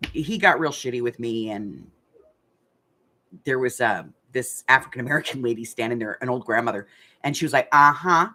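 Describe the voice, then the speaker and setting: With a bass voice, an older woman hosting a craft channel tells a story in a casual, chatty way. She uses many fillers and retells events with animation.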